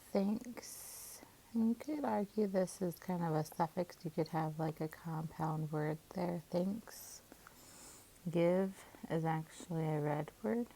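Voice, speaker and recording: A woman teacher calmly walking through syllable division, sounding out each part of a word. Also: fairly low pitch, a little hiss or hum, rough recording. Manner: calm, methodical, sounds out syllables. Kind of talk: phonics lesson, syllable division.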